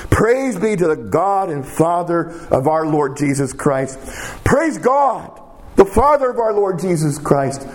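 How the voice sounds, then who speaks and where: A male preacher delivers a sermon in a slightly raised voice at an unhurried, deliberate pace. He repeats his key phrases for weight and sinks into a hushed tone when he prays aloud. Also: fairly high pitch. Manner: emphatic, repeats phrases for weight, slows to a hush on prayers.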